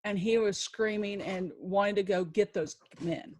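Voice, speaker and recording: A woman, a podcast guest, recounting a personal story in an emotional, halting way with many restarts and a faith-filled tone. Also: mid-range voice, fairly even intonation, a little mellow.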